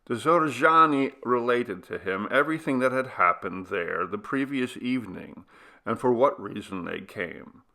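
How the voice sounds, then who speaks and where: A male narrator reads a classic story at an unhurried, measured pace. His voice is bright and crisp with a gravelly grain, and he moves his pitch around expressively. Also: expressive. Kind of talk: audiobook reading of a classic story.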